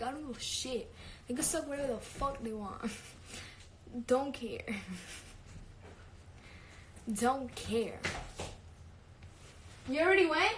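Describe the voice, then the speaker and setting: A young woman talks casually on a livestream in a bright, sharp voice with a touch of height. She is brash and profane and laughs easily between lines. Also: sits high, animated, slow pace, pauses often, a little hiss or hum. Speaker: singer on a live stream.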